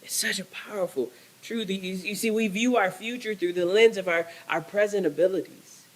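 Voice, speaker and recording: A man's voice: high-pitched, fairly even intonation, moderate pace, low-quality recording. A male pastor preaching a sermon, emphatic and repetitive, restarting phrases as he builds.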